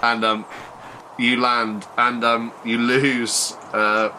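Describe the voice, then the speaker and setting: A man's voice: medium pitch, flat delivery, background noise. Man narrating a horror tabletop game. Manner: descriptive, halting with fillers. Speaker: game master.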